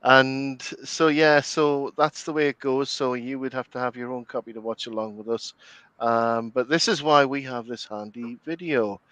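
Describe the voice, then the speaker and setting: A middle-aged man from the North East of England speaks with a Geordie accent in a relaxed podcast chat. His voice is smooth and resonant, and the mic sits close in a dry space. He fills pauses with ums and restarts and often breaks into laughter. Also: mid-range voice, no echo. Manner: chatty, laughs often, many fillers and restarts. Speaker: commentary podcast host. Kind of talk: casual chat.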